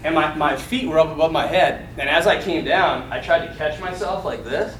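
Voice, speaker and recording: A man telling a story in casual talk, animated, laughing often and acting out the voices of the people in it. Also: a little high, moderate pace, recorded from a distance. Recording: echoey room, off mic, faint noise.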